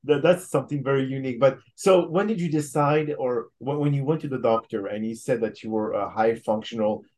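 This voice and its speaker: A man hosting a podcast interview, asking halting questions between short affirmations. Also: medium pitch, a little mellow. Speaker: podcast host.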